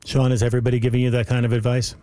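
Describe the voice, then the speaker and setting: Male morning radio host, mellow tone, dry close sound, friendly and easygoing. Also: medium pitch, completely flat delivery, racing, no echo. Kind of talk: live radio hosting.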